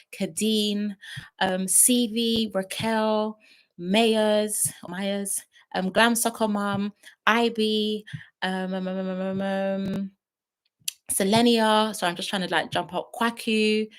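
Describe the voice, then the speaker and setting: A woman's voice: medium pitch, little pitch movement, takes it slowly, smooth. A young woman streaming live late at night, praying earnestly and then thanking her viewers, close to tears and repeating herself. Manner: earnest and heartfelt, repeating phrases. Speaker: YouTube reality-show reviewer.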